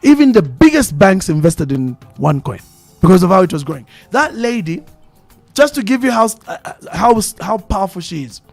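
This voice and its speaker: A Zambian man hosts a live radio talk show in a dry studio, faint music behind him. His voice sits a little high, and he tells stories in an animated way, hammering phrases home by repeating them. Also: brisk, vocal fry, no echo. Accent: Zambian English. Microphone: studio microphone.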